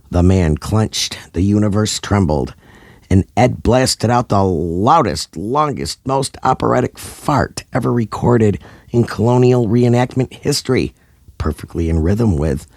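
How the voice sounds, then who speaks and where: Deep-voiced man narrating a comedy. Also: a little slow, a little mellow, no room sound, studio quality. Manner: dramatic, over-the-top storytelling.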